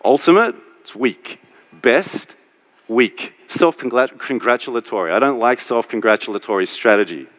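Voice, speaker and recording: A man's voice: medium pitch, a little slow. A man giving a candid, jokey live talk on stage, speaking into a stage microphone. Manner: candid, animated, jokey with the audience. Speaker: strategy speaker. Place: conference stage.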